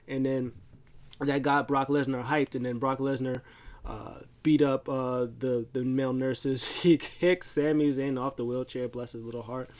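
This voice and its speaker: A man telling a loose, unscripted recap in an ordinary middle-pitched voice. He rambles, fills gaps with "uh" and "like", and restarts his sentences as he goes. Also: fairly even intonation, moderate pace, a little mellow. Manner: rambling, filler-heavy storytelling. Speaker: wrestling show recap host. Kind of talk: casual recap chat.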